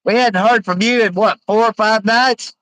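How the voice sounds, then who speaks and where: A man hosting a casual live stream, rambling with many halting fillers as he reads out viewer comments. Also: high-pitched, fairly even intonation, fairly bright tone, no room sound, low-quality recording.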